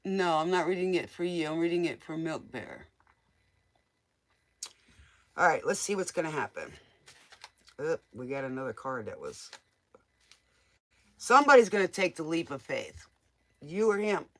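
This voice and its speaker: A woman's voice: sits low, sing-song, moderate pace, long pauses. A woman giving casual, motherly tarot readings to viewers on a live stream. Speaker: tarot reader.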